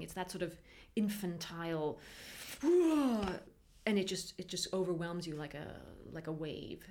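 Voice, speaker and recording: A woman in her thirties talking frankly in an interview, halting often and laughing as she talks. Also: lowish voice, a little mellow. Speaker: interviewee, mother. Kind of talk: candid interview.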